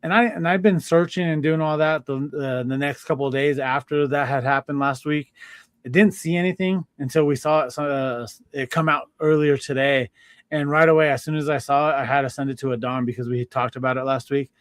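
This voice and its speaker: A man hosting a casual sports talk show, chatting in an animated way with lots of fillers and laughs. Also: medium pitch, brisk, smooth, no echo, studio quality. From Denver. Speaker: podcast host. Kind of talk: casual chat.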